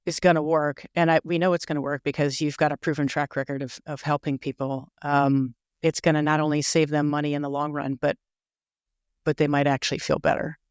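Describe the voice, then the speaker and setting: A woman's voice: deep voice, level tone, smooth, no room sound, clean studio sound. A woman hosting a podcast, a healthcare provider herself, reacting encouragingly to her guest in casual talk. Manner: encouraging, quick asides. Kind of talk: casual interview conversation.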